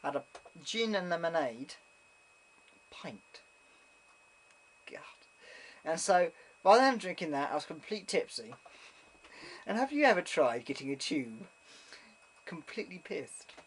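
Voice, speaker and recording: A young man chats casually to the camera, rambling, circling back and restarting his sentences. His voice sits a little high, and faint background noise runs under it. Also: sing-song, measured pace, pauses often. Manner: rambling, lots of ums and restarts. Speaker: vlogger. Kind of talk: casual chat.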